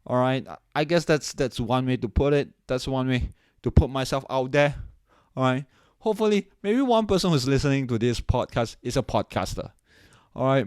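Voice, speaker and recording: A young man from Singapore hosting a podcast on his own, thinking aloud in loose, rambling sentences and tagging "right?" onto his points. His voice sits at an ordinary pitch, and the recording is dry and close, with no room sound. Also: normal speed, a little mellow, smooth, no echo. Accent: non-standard, hard to place; he says it doesn't sound Singaporean. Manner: rambling, many restarts and "right?" tags. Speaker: podcast host. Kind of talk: casual solo podcast intro.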